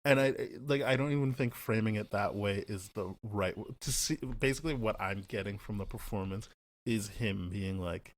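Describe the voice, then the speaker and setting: A young man co-hosting a podcast, talking casually and animatedly, often acting out what characters said. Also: fairly low pitch. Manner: animated, acts out characters' lines in quick paraphrase. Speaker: podcast co-host. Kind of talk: casual chat.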